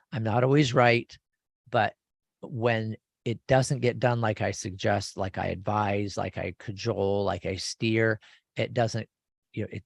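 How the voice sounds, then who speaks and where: Man, 50s, radio host, gravelly voice, enthusiastic, rambling, restarts often. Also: on the low side, no room sound, studio quality. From California. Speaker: radio show host and lawyer. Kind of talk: casual radio talk.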